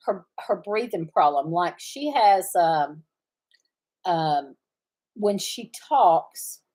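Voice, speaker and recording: Speaking at a medium pitch with a darkish, slightly rough tone, this middle-aged farm channel host drawls casually to her livestream audience from the farm. She rambles between ideas and frequently stops to search for the right word.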